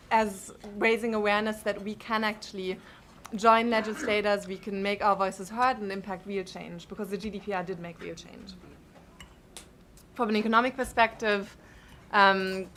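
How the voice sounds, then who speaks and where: A woman with a German accent speaking at a conference, measured and full of ums and uhs. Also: mid-range voice, a bit bright, slight background noise. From Europe. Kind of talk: conference talk.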